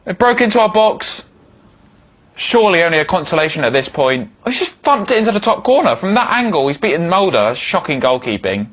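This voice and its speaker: A young man giving excitable commentary over a football video game, yelling when goals go in. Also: a little high, fast talker, few pauses. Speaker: gaming YouTuber.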